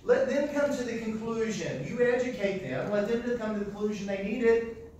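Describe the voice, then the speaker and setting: A man teaching a live sales seminar in a folksy, animated way, repeating his key phrases. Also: high-pitched, normal speed, slight background noise. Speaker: sales trainer. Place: large echoey hall. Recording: echoey hall, voice from far off.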